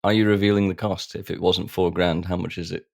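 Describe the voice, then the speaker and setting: A man's voice: deep voice, level tone, a little fast, gravelly, no room sound, studio quality. A man co-hosting a podcast, joking and laughing his way through casual banter. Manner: jokey, self-mocking, laughs often. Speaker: podcast co-host.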